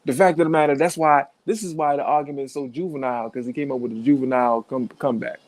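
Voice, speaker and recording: A man's voice: medium pitch, fairly even intonation, fast, darkish tone, dry recording. A man giving blunt, profane reaction commentary in a casual way, laughing between points.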